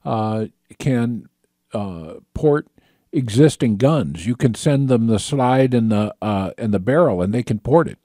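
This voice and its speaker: A man talks on his call-in radio show in a mellow, darker voice, close and dry on the mic. He rambles casually and easily, full of ums and restarts. He sounds like a relaxed regular behind the desk. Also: mid-range voice, unhurried, no room sound. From Michigan. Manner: casual, chatty, many fillers and restarts.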